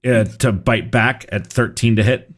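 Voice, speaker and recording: A man's voice: on the low side, measured pace. A man running a tabletop game as game master, casual, swearing freely and laughing often.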